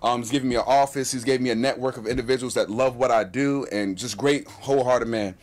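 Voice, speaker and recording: A man telling a personal story in casual chat, animated and acting out what people said. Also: mid-range voice. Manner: animated, fast-talking storyteller acting out quotes.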